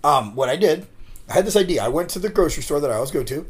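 A man's voice: on the high side, expressive, racing, slightly rough. A man co-hosting a casual podcast, rambling through stories, laughing often and swearing casually. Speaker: podcast co-host. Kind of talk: casual chat.

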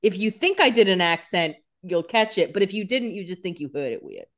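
A woman's voice: medium pitch, wildly swooping pitch, a little fast. A woman co-hosting a podcast, adding joking quips to a casual recap. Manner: chimes in with joking quips and frequent laughs. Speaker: podcast co-host. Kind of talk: casual chat.

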